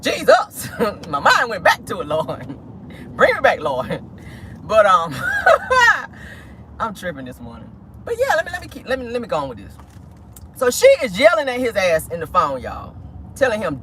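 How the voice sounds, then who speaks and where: An animated, sassy gossip vlogger talking casually from a parked car, the pitch swinging all over the place with a bright, forceful edge. The chatter is full of exclamations and crude slang. Faint car and street noise hums underneath. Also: moderate pace. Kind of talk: casual celebrity gossip talk. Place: inside a car.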